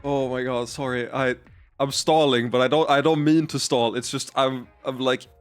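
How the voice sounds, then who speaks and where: A male game streamer talks his way through play in a loose, rambling way, giggling often and restarting his sentences. His pitch sits mid-range for a man, with faint music playing underneath. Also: fairly even intonation, normal speed. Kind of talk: casual live-stream commentary.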